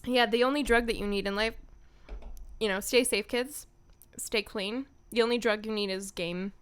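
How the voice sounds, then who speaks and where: A woman's voice: medium pitch, fairly even intonation, normal speed, smooth. A young woman, a voice actor, chatting casually on a home stream in a playful, rambling way with giggly asides.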